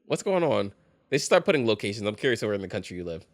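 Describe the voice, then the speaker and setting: A man hosting a show reacting to relationship posts, talking casually with sass and high-pitched bursts of laughter. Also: very fast, dry recording, clean studio sound. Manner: animated, sassy, bursts into high-pitched laughter and mocking voices. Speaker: host reacting to reddit posts. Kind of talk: casual commentary.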